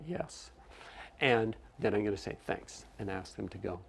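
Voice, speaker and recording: A man's voice: on the low side, little pitch movement, fast talker, vocal fry, breathy edge. A man who trains teachers, giving a workshop lecture in an explanatory way, often checking in with "okay?" and correcting himself as he goes. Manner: frequent restarts and self-corrections.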